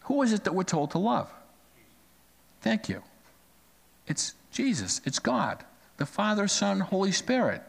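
A man preaching a sermon with a fairly high, animated voice that rises and falls as he tells stories. His words ring out with a long reverb through a church hall. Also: measured pace, gravelly, long pauses. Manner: storytelling preacher, lively pitch swings. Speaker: pastor.

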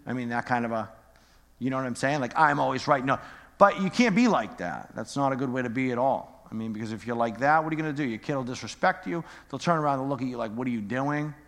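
A middle-aged pastor with a mid-range, fairly bright voice preaches in an echoey church hall. He keeps things conversational and joking, filling the sermon with rhetorical questions for the congregation.

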